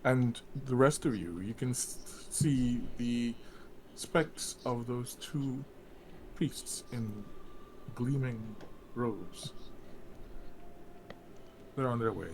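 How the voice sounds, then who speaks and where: A man narrating a tabletop game as game master in an unhurried, halting way. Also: medium pitch, noisy background.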